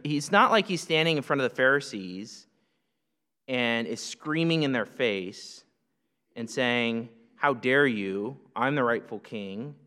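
A man's voice: on the high side, bright, forceful tone. A man preaching a sermon, emphatic and full of rhetorical questions. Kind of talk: sermon teaching. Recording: long hall reverb.

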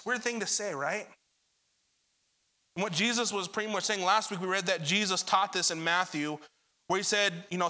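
A young man delivers a sermon in a high, bright voice. He talks straight to his listeners and acts out the scripture with lively energy. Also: moderate pace. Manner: animated, addresses congregation directly, retells scripture dramatically. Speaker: pastor.

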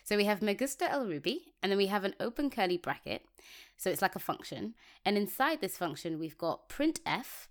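A woman's voice: mid-range voice, animated, brisk. A woman co-hosting a casual technical podcast, reading code aloud step by step and laughing easily. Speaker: podcast co-host.

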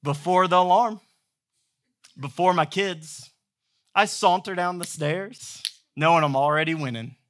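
A man's voice: a little high, measured pace, long pauses, a bit bright. A man in his thirties preaching a sermon as pastor, telling stories in a playful, humorous way. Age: 30s.

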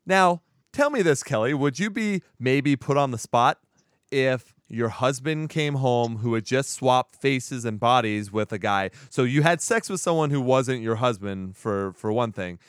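Podcast host, man, lively storyteller with a resonant voice, recorded dry. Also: medium pitch, measured pace, clean tone, dry recording. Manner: animated storytelling, acts out quotes, laughs often. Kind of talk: casual movie review chat.

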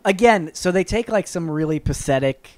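A man co-hosting a podcast in casual chat, talking in a rambling, animated way with many fillers and restarts. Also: high voice, normal speed, no echo. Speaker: podcast co-host.

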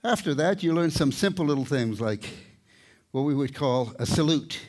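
A man's voice: a little high, animated. An older man, a tightrope walker, giving a live talk with storytelling and light humor, out of breath at times. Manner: storytelling, warm humor, pauses to catch breath. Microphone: microphone, speaking to a live audience.

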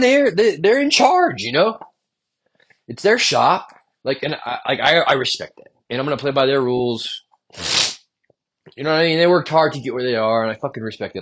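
A young man with a medium-pitched, fairly bright voice hosts a solo podcast. In a rambling stream-of-consciousness monologue, he vents about his jobs, frustrated and profane.

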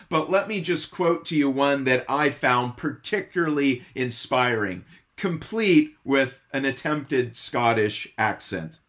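A man pastor preaching an earnest sermon, opening with a prayer and leaning on key words by slowing down. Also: mid-range voice, fairly bright tone.

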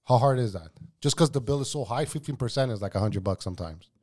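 A man's voice: mid-range voice, animated, fast, a little mellow. Profane storytelling man. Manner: profane, storytelling, says bro a lot. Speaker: podcast guest, former cook. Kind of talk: casual chat.

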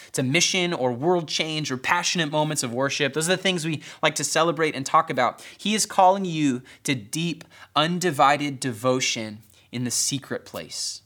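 Young guy preaching, bright voice, chatty and jokey then goes soft and serious. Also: mid-range voice. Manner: conversational, self-deprecating humor, drops to soft intense tones for emphasis. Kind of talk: sermon with personal story.

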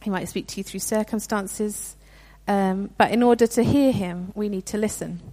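A woman's voice: medium pitch, normal speed, warm tone. A young woman giving a sermon in a conversational, earnest way, with frequent restarts. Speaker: preacher.

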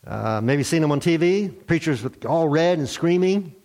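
Man, pastor, sermon, storytelling delivery, lively swooping pitch. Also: moderate pace. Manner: animated storytelling, acts out characters.

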